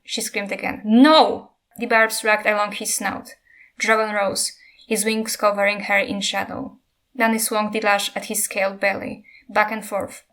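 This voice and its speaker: A woman narrating a passage from a fantasy novel in a steady, even storytelling manner. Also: mid-range voice. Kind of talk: reading a novel aloud.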